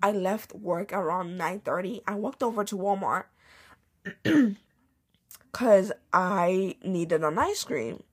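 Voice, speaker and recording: A woman's voice: mid-range voice, expressive, slow, husky. A young woman hosting a podcast, telling a casual storytime rant with slang and swearing. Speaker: podcast host.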